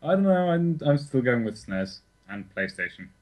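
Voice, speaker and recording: A man's voice: mid-range voice, very animated, moderate pace, a little mellow, low-quality recording. A young man co-hosting a podcast in casual, sweary, self-correcting chat. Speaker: podcast co-host.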